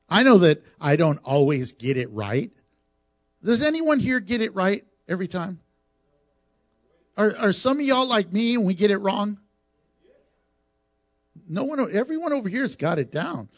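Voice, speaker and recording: A man preaching a sermon as a pastor, animated and teasing with the congregation. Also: sits high, no echo, muffled recording. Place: church sanctuary.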